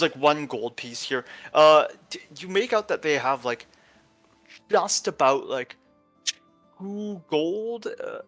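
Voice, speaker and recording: Give me a man game master narrating a tabletop game, stumbling through his words, a little high. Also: fairly bright tone. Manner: halting, full of fillers and restarts.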